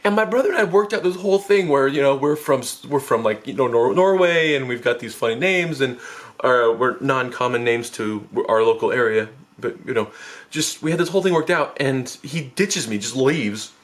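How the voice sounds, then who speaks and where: A young man spins a rambling storytime for his vlog, doubling back on himself and laughing at his own mistakes. His voice sits at a middling pitch and leaps into high, panicky bursts whenever he replays his past self. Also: normal speed. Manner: rambling, self-mocking, many fillers and restarts.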